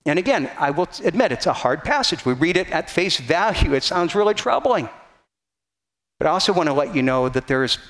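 Male pastor, higher voice, casual teaching sermon with many restarts. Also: fairly bright tone. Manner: conversational teaching, frequent restarts, quoting scripture.

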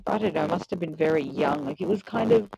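A woman's voice: low-pitched, fast, creaky, dark tone, poor audio. A woman chatting casually about a show, hesitant and searching for words. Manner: hesitant, restarts often, many fillers. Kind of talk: casual chat reviewing a show.

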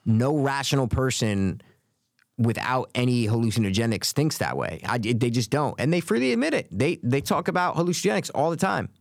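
A man co-hosting a podcast in casual chat, animated and repeating his points for emphasis. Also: fairly quick, creaky, no echo, clean studio sound. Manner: animated, acts out quotes with big pitch jumps. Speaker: podcast co-host.

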